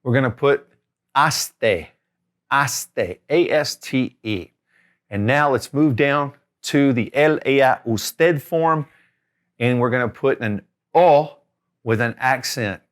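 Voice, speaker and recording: A man's voice: medium pitch, takes it slowly. A man teaching a Spanish grammar lesson, upbeat and encouraging, talking straight to the learner. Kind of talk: lively classroom lesson.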